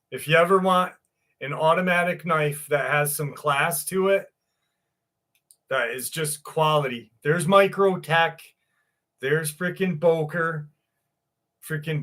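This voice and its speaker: Man, livestream host, unhurried delivery, slightly high voice, loose profane chat. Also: fairly bright tone.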